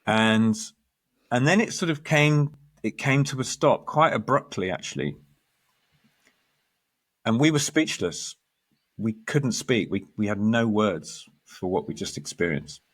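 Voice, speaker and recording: A man, a guest astrologer, telling a story in lively conversation, acting out quoted lines and restarting his sentences. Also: lowish voice, measured pace. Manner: animated storyteller, quotes others, restarts often.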